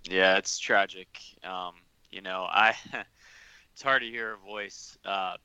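A man co-hosting a podcast, heartfelt and halting with many fillers. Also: sits low, fairly even intonation, bright, forceful tone, clear, resonant tone, dry recording, muffled recording. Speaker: podcast co-host. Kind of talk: casual podcast chat.

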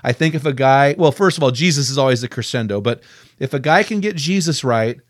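A man hosting a faith-focused podcast interview, enthusiastic and quick to quote authors. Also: mid-range voice, animated, no echo, studio quality. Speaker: podcast host.

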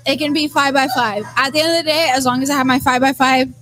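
Woman guest on a podcast, high voice, easygoing, laughs along with the hosts. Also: steady tone, quick pace, sharp tone, faint music behind. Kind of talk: casual chat.

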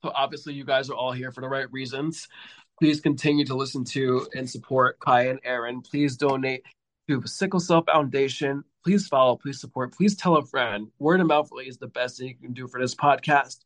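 A man's voice: medium pitch, fairly even intonation, a little fast, a bit bright, no room sound. A man, a podcast guest, telling rambling stories in casual chat with lots of fillers. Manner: rambling storyteller, heavy with fillers.

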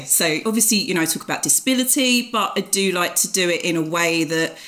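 A woman's voice: fairly low pitch, animated, quick pace, hardly any pauses, fairly bright tone. A woman in her forties with an Essex accent, a podcast guest talking in a frank, plain-spoken way and laughing easily. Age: 40s. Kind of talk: casual chat.

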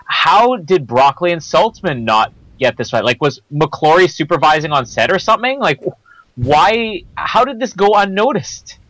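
Animated man chatting about films. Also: on the high side, moderate pace, no echo, poor audio. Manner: animated, questioning, laughs often. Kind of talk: casual film discussion.

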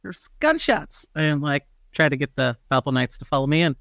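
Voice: mid-range voice, little pitch movement, fast talker, a bit bright, dry recording, clean studio sound. Stammering, insistent tabletop player. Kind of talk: casual tabletop play, partly in character.

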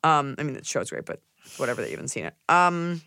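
A young woman co-hosting a podcast, chatting casually in a blunt, sarcastic way with quick asides. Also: sits low, big pitch swings, pushed and bright, clean tone, dry recording. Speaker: podcast co-host. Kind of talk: casual chat.

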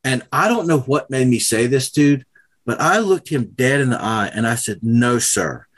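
A man's voice: mid-range voice, normal speed, breathy edge. Profane man telling a wild story. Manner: profane, animated retelling with quoted voices. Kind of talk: casual chat, telling a story.

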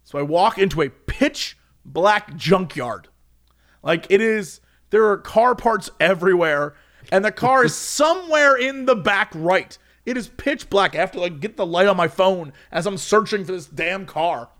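A young man telling a casual anecdote, animated and often laughing as he acts out what people said. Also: high voice, unhurried. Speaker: storyteller.

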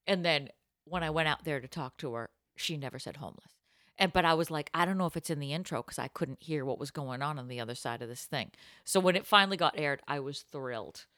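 A young adult woman, a comedian and podcast host, telling a story in a breathless, laughing, animated way. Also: low voice, fast, no room sound, clean studio sound. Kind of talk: casual storytelling chat.

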